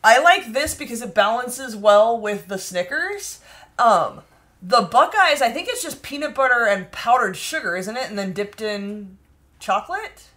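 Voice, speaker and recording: A woman's voice: fairly high pitch, expressive, a little slow, a bit bright. A woman co-hosting a home baking vlog, chatty and giggly, reading viewer comments aloud as she talks. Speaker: baking vlog co-host reading live chat. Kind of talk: casual chat.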